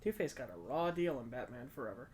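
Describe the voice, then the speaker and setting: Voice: medium pitch, lively intonation, fast, darkish tone. Podcast cohost joking around about a movie, laughs easy, laid back chat. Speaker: podcast co-host. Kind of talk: casual movie review chat.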